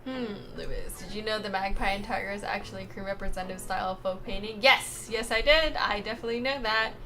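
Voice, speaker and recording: A young woman streamer reading chat aloud in a casual, playful way, laughing often and exclaiming loudly when excited. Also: mid-range voice, quick pace. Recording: music playing behind.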